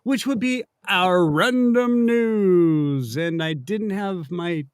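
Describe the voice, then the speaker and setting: A man hosting a casual livestream, upbeat and joking, rambling along with plenty of fillers. His voice sits a bit high for a man and sounds dry and close to the mic. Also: slow pace, clear, resonant tone, no echo. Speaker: show host.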